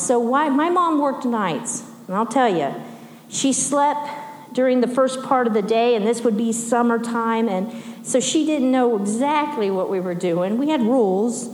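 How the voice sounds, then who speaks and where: A middle-aged woman preaching a sermon in a conversational way, with animated asides and laughs. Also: on the high side, measured pace. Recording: echoey hall with long reverb.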